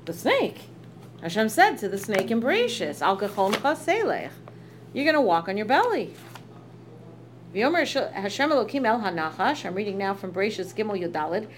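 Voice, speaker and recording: A woman's voice: mid-range voice, sing-song, moderate pace. Lady teaching a text study, talky and explaining as she goes, bit of hum in the back. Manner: chatty, explains with asides, reads Hebrew verses aloud then translates. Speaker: Torah teacher.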